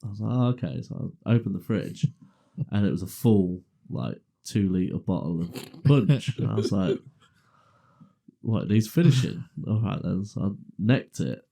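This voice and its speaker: A man's voice: lowish voice, normal speed, vocal fry, hardly any pauses, dark tone. A middle-aged man on a podcast, telling a crude story in casual chat and laughing as he goes. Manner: laughs through his own story, acts out quoted voices. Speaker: podcast co-host. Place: garage.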